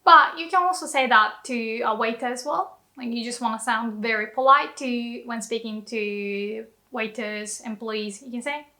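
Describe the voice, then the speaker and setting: A young woman gives an online language lesson in a high, clear voice. Her delivery is lively, with light laughs scattered through her explanations. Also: normal speed, hardly any pauses. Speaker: Japanese language teacher.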